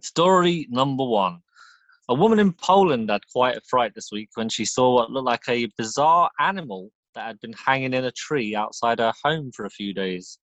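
A man co-hosting a comedy podcast, reading made-up news with deadpan puns and chuckles. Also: medium pitch, moderate pace, dry recording.

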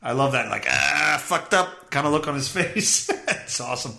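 A man's voice: mid-range voice, big pitch swings, fairly quick, creaky, sharp tone, reverberant. A male podcast host reading news stories aloud and mocking them with sarcastic, profane commentary. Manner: sarcastic, swears often, mocks the stories he reads.

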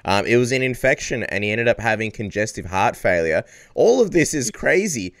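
A man hosting an interview, laying out context at a measured pace before asking his question. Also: medium pitch, sing-song, a bit bright, dry recording. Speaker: radio show host.

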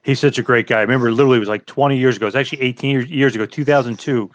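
Fast-talking man in a dry room. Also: mid-range voice, no echo, dull audio. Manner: eager storyteller, fast and animated. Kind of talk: casual podcast chat.

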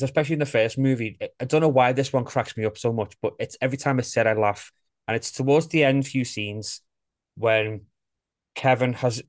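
A man's voice: medium pitch, dry recording, studio quality. A man hosting a casual podcast chat, telling film stories with animation. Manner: animated storyteller, acts out quoted lines. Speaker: podcast host.

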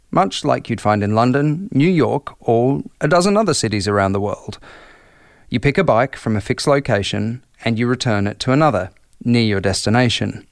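A man narrating a scripted segment as host, measured and reflective. His voice has a gravelly edge and sounds close and dry. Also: mid-range voice, dry recording.

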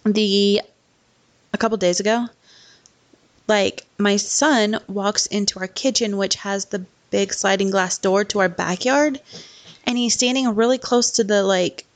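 A woman's voice: mid-range voice, steady tone, unhurried. A young woman and mother chatting casually at home into a laptop mic, rambling with lots of "like" fillers. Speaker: mom vlogger. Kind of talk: casual chat. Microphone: laptop microphone.

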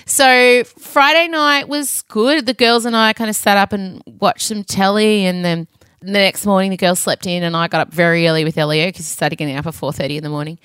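A woman's voice: medium pitch, steady tone, a little fast, a bit bright, clear, resonant tone, no room sound. A woman, co-hosting a chat podcast and telling a story with dramatic, wry humor. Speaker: podcast co-host.

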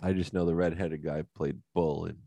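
A man co-hosting a podcast, laid-back and joking, now and then shouting out movie lines. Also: low-pitched, fairly even intonation, normal speed, gravelly, no room sound. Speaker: podcast co-host. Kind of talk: casual chat.

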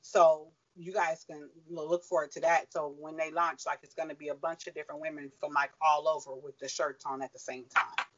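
A woman's voice: low-pitched, flat delivery, brisk, hardly any pauses, fairly bright tone. A woman being interviewed about running her own business, candid and rambling, with many fillers and quoted self-talk. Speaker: business owner guest. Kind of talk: casual interview answers. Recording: dull lo-fi audio.

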